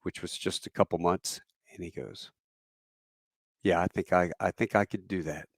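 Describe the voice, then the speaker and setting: A man's voice: low voice, fairly even intonation, normal speed, gravelly, no room sound, studio quality. A man casually retelling an anecdote, acting out the quoted voices of the people in it. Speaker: storyteller. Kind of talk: spoken anecdote.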